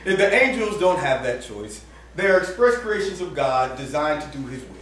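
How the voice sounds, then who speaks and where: A man's voice: on the high side, big pitch swings, moderate pace, a bit bright, slight background noise. A man preaching a sermon in a casual, slang-filled way, acting out little dialogues and laughing often. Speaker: campus minister preaching. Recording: echoey room from far off.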